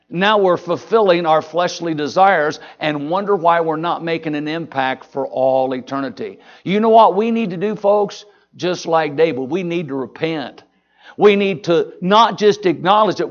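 A man's voice: fairly high pitch, highs cut off. Folksy preaching man, drawl. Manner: folksy, emphatic preaching with jokes and rising shouts. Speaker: pastor. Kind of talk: sermon.

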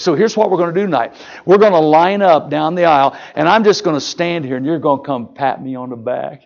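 High-pitched evangelist guy preaching in church, folksy and lively, dull lo-fi recording. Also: moderate pace. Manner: folksy, animated, jokes with the crowd. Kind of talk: sermon storytelling. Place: church service before a congregation.

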